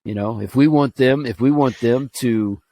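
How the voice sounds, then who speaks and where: A man's voice: mid-range voice, normal speed, dark tone. A man from Alabama telling a personal story on a podcast, earnest and rambling, with fillers and restarts. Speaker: podcast co-host.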